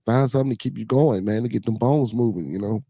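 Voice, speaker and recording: A man's voice: mid-range voice, fast talker, mellow, breathy edge, dry recording. A man hosting a casual livestream chat, talking in a loose, rambling way with many fillers and a Chicago accent. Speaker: podcast host.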